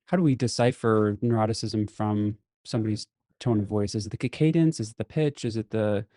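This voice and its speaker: A man's voice: on the low side, a little fast, mellow, no echo, studio quality. A man hosting a podcast, asking long searching questions and backing the guest with frequent "mm-hmm"s. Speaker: podcast host. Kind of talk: casual podcast interview.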